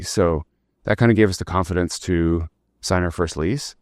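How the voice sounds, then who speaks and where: A man's voice: low voice, moderate pace, no room sound, studio quality. A man, telling his startup story as a podcast guest in a rambling, casual way, full of "like" and the odd swear word.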